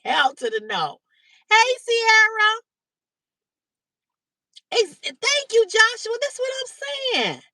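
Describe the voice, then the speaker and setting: A woman hosting a livestream, telling a story to her chat in a blunt, animated way, swearing freely and greeting viewers by name. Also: very high-pitched, no echo. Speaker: livestream host. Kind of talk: casual storytelling to live chat. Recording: dry, slightly distant mic.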